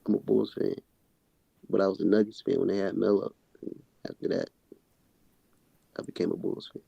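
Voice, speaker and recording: A man from Denver calling in to a sports stream, mumbling softly. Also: low-pitched, level tone, normal speed, creaky, husky, muffled recording. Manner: mumbling, soft-spoken. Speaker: caller.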